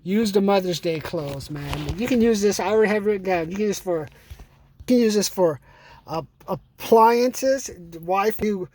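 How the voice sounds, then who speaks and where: A man's voice: sits high, moderate pace, a little mellow, slight background noise. A middle-aged man giving a rambling, pushy sales pep talk, swearing and calling the listener "man". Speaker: sales trainer. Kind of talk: casual motivational sales talk.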